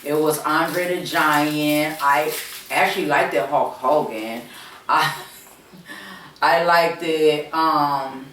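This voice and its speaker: Slow-talking woman in an echoey room. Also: sits low, fairly bright tone, recorded from a distance, a little hiss or hum. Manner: rambling, repetitive, many fillers, addresses viewers directly. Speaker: channel host. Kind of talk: casual storytelling chat. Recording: roomy echo, speaking away from the mic.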